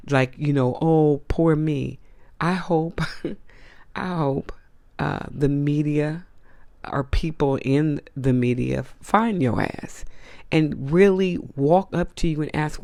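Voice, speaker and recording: Slow, gravelly man ranting in outrage. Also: fairly high pitch, a little mellow, no room sound. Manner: outraged, blunt and profane; repeats points for emphasis. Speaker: host. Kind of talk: opinion rant to camera.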